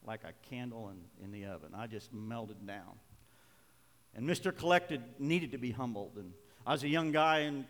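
An older male pastor preaching a sermon, telling a personal story with emotion and soft laughs. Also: mid-range voice. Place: church sanctuary. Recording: reverberant church hall.

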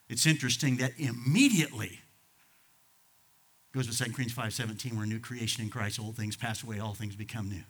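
A man in his sixties preaching a sermon as a pastor, impassioned, swinging from loud outbursts to hushed asides. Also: mid-range voice, brisk, long pauses. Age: 60s.

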